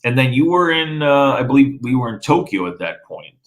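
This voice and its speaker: A man's voice: mid-range voice, very animated, a little fast, low-quality recording. A man from the former Soviet Union whose first language is Russian, telling a story in casual conversation with many fillers and restarts. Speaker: interviewee.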